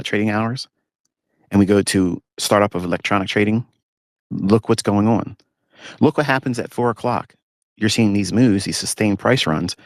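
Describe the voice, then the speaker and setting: A man with a fairly low voice rants bluntly as a trading mentor in a live audio talk from a parked pickup truck. The sound is clean studio quality with no room sound, and he mocks rivals in put-on whiny voices.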